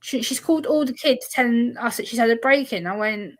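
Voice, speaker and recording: A woman chats over a video call in a fairly high voice. She tells a personal story with lots of life, putting on the voices of the people in it. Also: fairly quick. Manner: animated storyteller acting out quoted voices. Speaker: guest. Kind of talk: casual chat.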